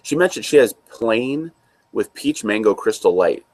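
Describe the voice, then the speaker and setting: A man's voice: lowish voice, lively intonation, normal speed. A man co-hosting a casual chat, talking in an easygoing, rambling way. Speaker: co-host.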